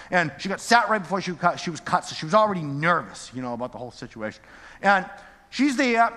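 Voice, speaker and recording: High-voiced preacher guy telling stories, goes from hushed to hollering, big echoey church. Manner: animated storyteller, drops to quiet asides then rises to near-shouting. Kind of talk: storytelling sermon. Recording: echoey large hall.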